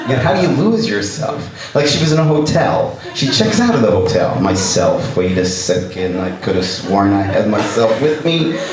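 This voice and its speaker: Rabbi, lively lecturer, big reverberant hall, mic set well back. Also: male voice, on the low side, normal speed, hardly any pauses, a crowd in the background. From Canada. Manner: animated, acts out characters. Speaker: rabbi, speaker. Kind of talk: humorous lecture with stories. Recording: echoey hall, distant mic.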